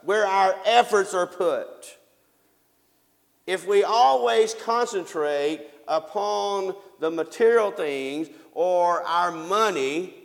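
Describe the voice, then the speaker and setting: A preacher with a raised, gravelly voice delivers a sermon. He reads scripture aloud and puts questions to the congregation, then answers them himself. The long reverb of a church hall carries his words. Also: sits high.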